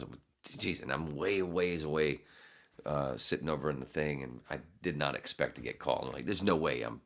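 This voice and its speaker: A man's voice: very deep voice, gravelly, fairly bright tone. A man hosting a podcast, telling a rambling, profane, self-mocking story full of restarts. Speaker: podcast host. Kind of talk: casual chat.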